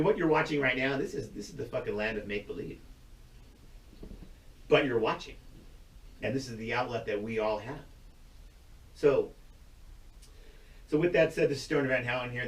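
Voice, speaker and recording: This man runs his own YouTube channel and delivers a loose, rambling rant to camera, swearing bluntly and laughing a lot. His voice is lowish, and it's recorded from a distance in a roomy space.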